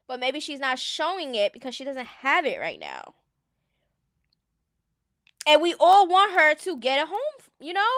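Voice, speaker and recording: Sassy high-voiced woman streamer. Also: a bit bright, no room sound, clean studio sound. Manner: blunt, sassy, laughs often. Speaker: stream host. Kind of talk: casual commentary chat.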